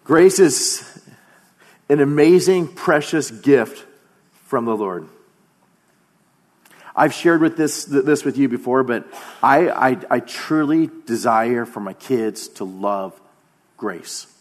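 A man in his thirties preaching a sermon as pastor, earnest, often slowing down and dropping to a quiet voice for emphasis. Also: medium pitch, animated. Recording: long hall reverb.

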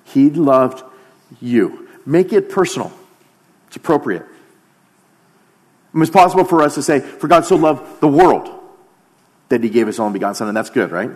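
A man's voice: medium pitch, lively intonation, normal speed, pauses often. A man preaching a sermon, emphatic, dropping to a near-whisper on key phrases.

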